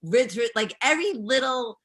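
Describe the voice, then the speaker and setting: A woman's voice: on the high side, expressive, normal speed, fairly bright tone. A woman being interviewed, chatting in a bubbly, rambling way and laughing often. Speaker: interview guest, pro wrestler. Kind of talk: casual interview chat.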